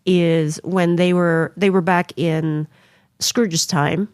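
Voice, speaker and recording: A woman co-hosts a casual podcast, giggling easily and talking sincerely. Her voice sits a little low for a woman. The sound is dry and close to the mic. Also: fairly even intonation, slow, a little mellow, no room sound. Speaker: podcast co-host. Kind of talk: casual chat.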